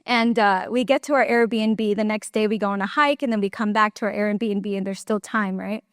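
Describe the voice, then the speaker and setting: A woman's voice: mid-range voice, normal speed, clear, resonant tone, dry recording, studio quality. A young woman giving a personal testimony at a church conference, talking casually with lots of fillers and little laughs. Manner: conversational storytelling with many fillers, laughs often. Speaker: conference speaker.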